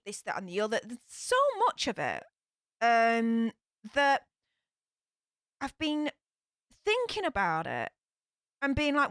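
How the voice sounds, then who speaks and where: A young woman with a broad Yorkshire accent talks frankly to her stream, rambling through fillers and sighs. Her pitch sits fairly high and swings widely. The sound is close and dry, with no room echo. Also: very animated, slow, pauses often, a bit bright, clear, resonant tone. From Yorkshire, England. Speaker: YouTube streamer. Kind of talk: casual live-stream chat.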